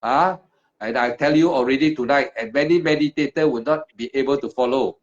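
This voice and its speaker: A man's voice: medium pitch, brisk. A man teaching meditation one-on-one, speaking in short, emphatic, repeated phrases of simple broken English. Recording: dull lo-fi recording.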